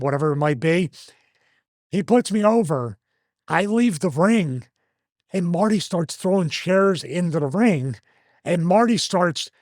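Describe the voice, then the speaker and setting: A man in his fifties hosts and tells a story in a casual, animated style, acting out each quoted line. His voice sits fairly high for a man. The sound is dry and close to the mic. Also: no echo. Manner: animated, acts out quoted lines. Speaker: host, former wrestler.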